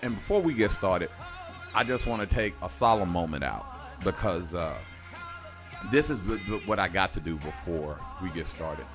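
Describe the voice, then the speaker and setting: A man's voice: sits low, expressive, moderate pace, music in the background. A man hosting a talk radio show in a loose, joking, slangy way.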